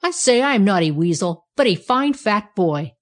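A woman reading aloud, voicing a vain, foolish young boy who yells indignantly. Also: mid-range voice, big pitch swings, a little slow. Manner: stout, indignant yelling.

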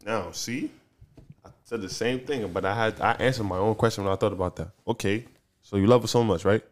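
A man with a slightly low voice talks in a loose group chat. He is animated and slangy, and he acts out the lines of the people in his stories. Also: fairly quick. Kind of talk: casual chat.

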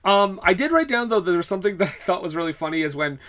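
A man with a bright, slightly high voice talks through a film recap in a casual podcast chat. He laughs often and fills his sentences with "uh" and "like". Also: animated, rapid-fire. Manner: laughs often, many fillers and restarts. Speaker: podcast co-host.

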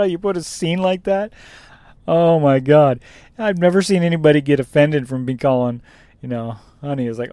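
A man's voice: medium pitch, a little mellow, no echo. A man who drives a truck, chatting casually and rambling about his day on the road. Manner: rambling, laughs at own story. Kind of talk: casual chat.

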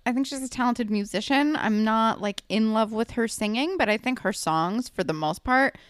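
A woman's voice: a little high, moderate pace, smooth, no room sound. A young woman co-hosting a casual chat, giving her opinions in a hedging way with lots of fillers. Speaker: podcast co-host.

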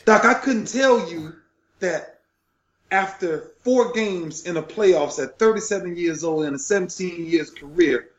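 A man's voice: high voice, dull audio. Passionate man telling his story, roomy sound. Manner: passionate, repeats himself, swings loud and soft. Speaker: retired football player telling his story. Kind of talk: emotional storytelling on a podcast.

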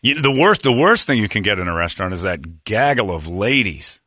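An American radio show host in his forties, with a fairly low voice, talks a little fast in a dry, studio-quality recording. It's a casual talk show where he tells stories animatedly and slips into mimicked accents and other voices.

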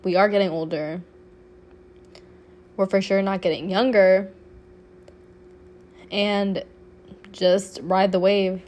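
A woman's voice: mid-range voice, little pitch movement, takes it slowly, pauses often, darkish tone. A woman in her late twenties hosting a solo podcast, sick with a cough, talking casually and heartfelt, peppered with swearing and "like". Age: 20s. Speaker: podcast host.

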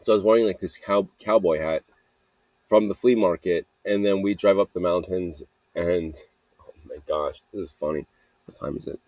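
A man's voice: low voice, moderate pace, darkish tone, no room sound. A young man telling rambling stories outdoors at night in a casual monologue, laughing often and swearing casually. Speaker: podcast host.

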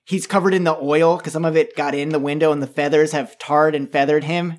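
A man's voice: fairly high pitch, brisk. A man playing a tabletop game, describing his character's antics in a joking, playful way. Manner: playful, joking, lively delivery. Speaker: player.

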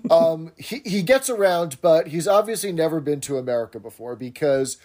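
A man's voice: fairly high pitch, expressive, normal speed, a little mellow. A man co-hosting a podcast, chatting in detail as he recaps a sitcom episode. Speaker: podcast co-host.

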